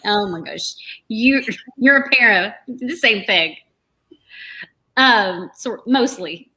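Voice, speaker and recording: A woman's voice: fairly high pitch, expressive, takes it slowly, pushed and bright, low-quality recording. A woman hosting a casual makeup livestream, chatting loosely and laughing often. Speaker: host.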